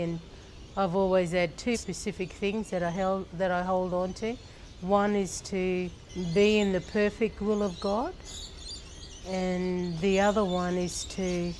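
Her voice is fairly low and somewhat dark, and there's a little noise in the background. She's a middle-aged Australian from her church's leadership team, earnestly sharing her testimony of faith at an unhurried pace, breaking now and then to pause or laugh.

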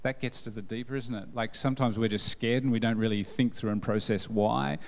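A man's voice: medium pitch, fairly even intonation, brisk, creaky, in a large hall. A man preaching at a church service, joking and quizzing the congregation as he goes. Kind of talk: sermon.

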